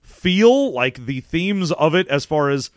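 A man's voice: a little high, sing-song, slow, no room sound. A young man co-hosting a gaming podcast, talking in a dry, matter-of-fact, wry way. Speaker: podcast co-host. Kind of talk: casual chat.

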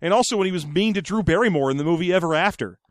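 A man co-hosting a podcast, talking casually and deadpan about a film, with a lot of rambling restarts. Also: high-pitched, rapid-fire, dry recording, studio quality. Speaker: podcast co-host. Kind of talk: casual chat.

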